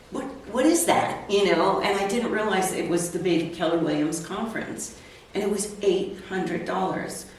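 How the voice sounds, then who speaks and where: A woman in her sixties, a real estate agent, telling her personal story as a guest in an interview, candid and earnest. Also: fairly low pitch. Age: 60s. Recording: echoey, distant, faint noise.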